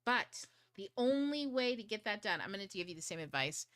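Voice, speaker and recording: A woman's voice: medium pitch, sing-song, fairly quick, fairly bright tone, no room sound. A woman hosting an online study group livestream, talking in a chatty way with frequent swearing and a few whispered asides. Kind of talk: casual livestream talk.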